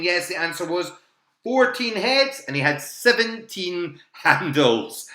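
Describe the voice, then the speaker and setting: A man's voice: sits high, sing-song, takes it slowly, sharp tone. A man hosting a live online quiz from his home, chatty and laughing often as he repeats each question and its options. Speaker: quiz host. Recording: echoey home room.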